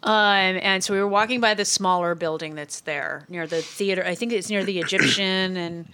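A woman's voice: lowish voice, moderate pace, sharp tone. A woman talking casually with a friend, telling stories bluntly and emphatically. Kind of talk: casual chat.

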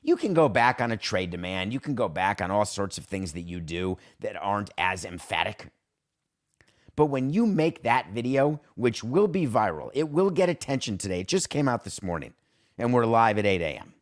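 A man's voice: big pitch swings, moderate pace. Emphatic man hosting a sports podcast. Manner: emphatic, acts out quoted exchanges with pitch swings. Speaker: podcast host. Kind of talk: opinionated sports talk monologue.

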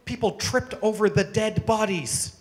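A man's voice: high voice, measured pace. A man preaching a sermon to a congregation, emphatic and driving his points home with strings of rhetorical questions. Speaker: pastor. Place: church service with congregation.

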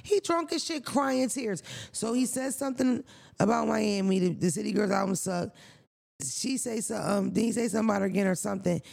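A man's voice: sits high, brisk, gravelly. A man co-hosting a casual podcast chat, telling stories bluntly and profanely with lots of energy. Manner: blunt, profane, animated storytelling. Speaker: podcast co-host.

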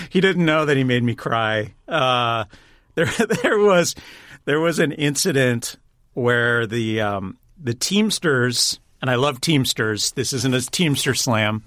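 A director and writer appears as an interview guest, telling stories in a chatty way, laughing often and restarting his sentences. His mid-range voice has a fairly bright tone, captured with clean studio sound and no room sound.

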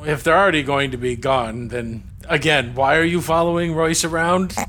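A man's voice: on the high side, moderate pace, a bit bright, slight background noise. A man improvising a stern, exasperated officer lecturing a subordinate in a comedy podcast. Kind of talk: improvised sci-fi comedy role-play.

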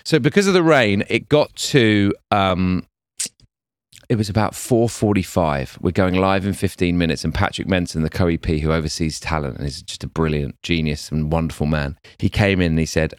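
Tired, slightly croaky English man. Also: low-pitched, moderate pace, dry recording, clean studio sound. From England. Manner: chatty, animated storytelling. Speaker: executive producer, guest. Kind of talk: casual interview.

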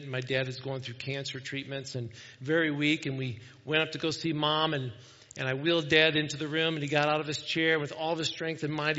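A man's voice: a little high, sharp tone. A middle-aged man preaching a sermon as pastor in a church, talking in a conversational, folksy way with frequent restarts. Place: church sanctuary. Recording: dull sound with long reverb in a large room.

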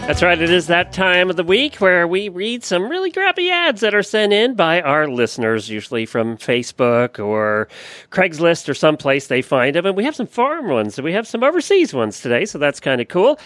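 A chatty podcast co-host with a lively voice that jumps around in pitch and laughs easily. The sound is close and dry, with no room around it. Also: moderate pace, dry recording, soft background music. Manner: laughs often, chatty and loose. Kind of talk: casual chat.

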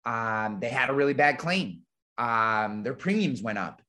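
A man who runs an insurance agency and hosts a podcast teaches on a live webinar over a remote call, casual and blunt, with lots of fillers and the odd swear word. His voice is medium-pitched and bright, with a forceful tone, lively intonation and a measured pace.

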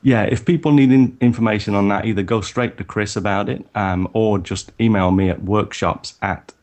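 A man with a very low, deep voice chats casually on a podcast. He rambles a little, restarting sentences and filling pauses as he explains his plans. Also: fairly even intonation, darkish tone. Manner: rambling, many restarts and fillers. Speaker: photography workshop leader, guest.

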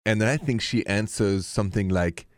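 A man's voice: lowish voice, dry recording, clean studio sound. A man with a French accent hosting a late-night radio call-in show, chatty and openhearted. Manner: warm-hearted, chatty, repeats the phone number slowly. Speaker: radio host.

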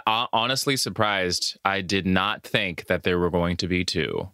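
A man co-hosting a podcast, giving wry, expressive reactions in casual chat. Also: low-pitched, a little slow, no echo, studio quality. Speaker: podcast co-host.

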